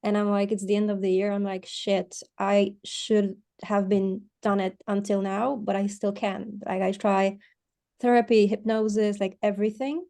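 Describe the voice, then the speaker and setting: A woman calling in to a coaching session over video, hesitant and halting. Her voice is mellow and dark, with little rise and fall. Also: mid-range voice, little pitch movement. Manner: hesitant, halting, searching for words. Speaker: caller on a coaching call. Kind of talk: asking a question on a call.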